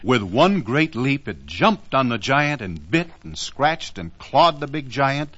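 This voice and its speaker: Male narrator for a children's story, lively melodic reading, gentle asides, dull lo-fi old recording. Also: mid-range voice, unhurried, husky.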